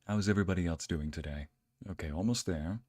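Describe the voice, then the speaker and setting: A man's voice: low voice, quick pace, a little mellow, no room sound, clean studio sound. A man streaming from home, chatting casually and greeting viewers by name with playful exclamations. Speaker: streamer and narrator. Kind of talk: casual livestream chat.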